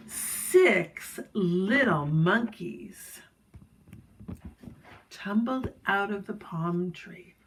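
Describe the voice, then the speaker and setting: A woman reading a children's chapter book aloud at an unhurried, leisurely pace. Her delivery is gentle, with friendly asides to young listeners, in a voice of ordinary middle pitch. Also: lively intonation, slight background noise, poor audio.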